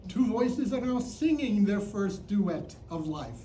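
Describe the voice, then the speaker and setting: A Chicago man in his seventies tells a playful personal story on stage, hamming it up like a mock sports announcer. His voice is high, warm and very animated, though he takes his time. The theater sound is roomy, with a distant mic and faint ambience.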